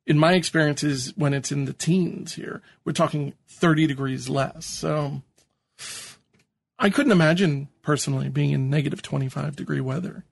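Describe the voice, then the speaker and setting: Man, podcast co-host, slightly high voice, halting with lots of ums, dry sound. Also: vocal fry, slightly rough, no echo. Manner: hesitant, many ums, self-deprecating laughs. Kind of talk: casual podcast chat.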